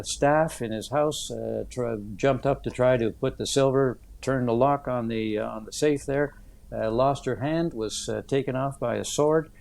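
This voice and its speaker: A man in his seventies, an author answering interview questions in an earnest, thoughtful way, with many "uh" pauses as he tells stories. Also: medium pitch, vocal fry, a little mellow. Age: 70s.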